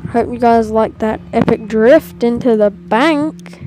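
A woman's voice: a little high, unhurried, over music. Rambling woman playing a game. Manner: rambling, with many fillers. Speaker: gamer. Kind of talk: casual gameplay commentary.

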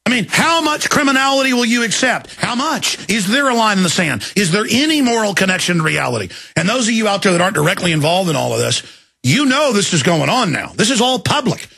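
A man in his thirties hosting a radio show, delivering an angry, shouting monologue in rapid tirades. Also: high-pitched, sing-song. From Texas. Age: 30s. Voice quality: gravelly, raspy. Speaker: radio host. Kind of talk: ranting talk radio monologue.

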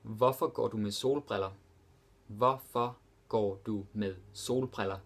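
A young man runs a language lesson in a relaxed, casual way. His voice sits a little low. He says each example phrase slowly, repeats it, and then explains it. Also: breathy edge. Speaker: language teacher.

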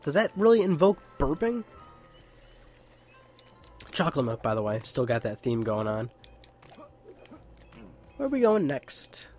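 A man's voice: a little high, sing-song, measured pace, pauses often, darkish tone, faint music behind. Giggly joking let's play guy. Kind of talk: casual gameplay commentary.

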